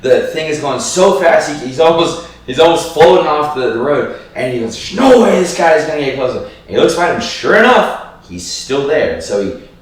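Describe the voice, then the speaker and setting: A man's voice: on the high side, expressive, normal speed, distant mic. A man co-hosting a comedy podcast, chatting casually and stumbling through restarts as he tells a joke. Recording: echoey room, off-mic.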